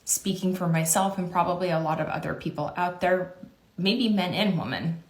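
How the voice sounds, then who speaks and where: A woman's voice: on the low side, normal speed, a little mellow. A woman giving a confessional monologue in a weary, resigned way. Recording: roomy echo.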